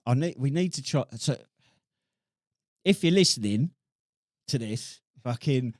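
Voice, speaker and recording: A man's voice: mid-range voice, expressive, a little slow, darkish tone, no room sound, clean studio sound. A man co-hosting a podcast, bantering casually with lots of swearing and laughter. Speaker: podcast co-host. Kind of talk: casual chat.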